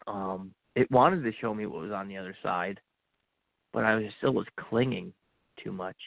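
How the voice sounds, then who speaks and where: A man's voice: fairly low pitch, moderate pace, creaky, no room sound. A man, a podcast guest, telling his own story earnestly and acting out what he said to himself in the moment. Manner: earnest, acts out his own inner dialogue. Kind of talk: personal storytelling. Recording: tinny phone-like line, dry.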